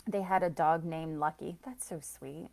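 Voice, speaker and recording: A lowish-voiced woman leading a live card reading, talking straight to her viewers. She is chatty and effusive, gushing over small things and breaking into laughter, and she greets people by name as she goes. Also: moderate pace, gravelly, a little mellow. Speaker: spiritual reader and soul coach.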